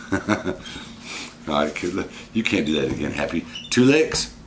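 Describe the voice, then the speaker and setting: A man's voice: a bass voice, normal speed, a bit bright, slight background noise. A man, casually vlogging and coaxing his pet monkey in a playful way. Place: indoors at home with a pet monkey.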